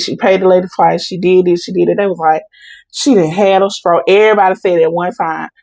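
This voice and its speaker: A young adult woman appearing as a podcast guest animatedly retells a family story in a fairly low voice, acting out its voices with quoted dialogue in Southern Black vernacular. The audio is poor, with no room sound.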